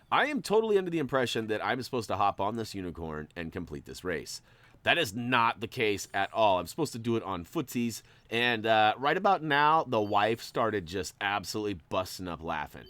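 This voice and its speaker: A man's voice: on the low side, fairly bright tone. A man hosting a gameplay walkthrough, talking in a playful, jokey, chatty way. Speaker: gaming channel host.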